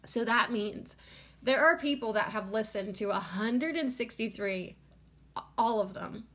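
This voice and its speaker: A woman with a fairly high, somewhat bright voice speaks a little slowly as she hosts her own podcast. She rambles casually with many "like" fillers, growing emotional and tearful while holding back crying.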